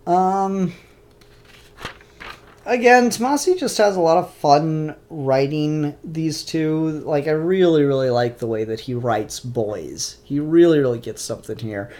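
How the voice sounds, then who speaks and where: A man's voice: a little high, unhurried, darkish tone. A man casually reviewing comic books, rambling and opinionated with frequent fillers.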